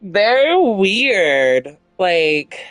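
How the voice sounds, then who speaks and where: A woman's voice: medium pitch, big pitch swings, extremely slow, no room sound. A blunt, outspoken woman chatting on a gaming stream, swearing freely and piling on fillers as she rambles. Her voice is recorded dry and close, with faint music running underneath. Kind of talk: casual stream chat.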